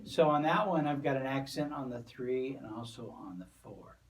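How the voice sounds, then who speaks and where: A man's voice: mid-range voice, moderate pace, over loud music. Man teaching a drum lesson, from across the room. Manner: relaxed, explaining step by step with fillers. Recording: voice from a distance from the mic. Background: drum kit and cymbals.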